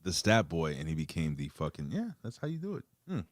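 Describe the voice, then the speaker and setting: Deep-voiced guy rambling and swearing on a wrestling show, lots of ups and downs in his voice. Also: huge pitch swings, a little fast, dry recording, studio quality. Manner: loose, profane, rambling with frequent fillers. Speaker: podcast co-host. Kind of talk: casual wrestling review chat.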